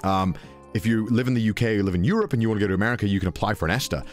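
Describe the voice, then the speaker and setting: A man's voice: rapid-fire, soft background music. A young British man telling a travel story, swearing often and putting on voices for the people in it. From Britain. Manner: swearing, mimics voices, high-pitched exclamations. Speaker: podcast storyteller. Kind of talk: animated anecdote telling.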